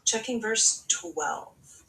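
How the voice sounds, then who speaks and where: A woman's voice: fairly high pitch, very slow, sharp tone. A female synthetic voice reading Bible verses aloud in a put-on Valley girl manner. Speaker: AI voice assistant reading scripture. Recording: roomy sound from off the mic.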